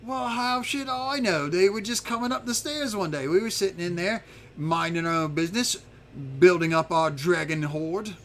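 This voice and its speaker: A man's voice: high voice, normal speed, voice pushed up. A man doing a boastful little dragon creature. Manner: rambling, excitable, brags. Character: boastful little male dragon, kobold-like, chatty.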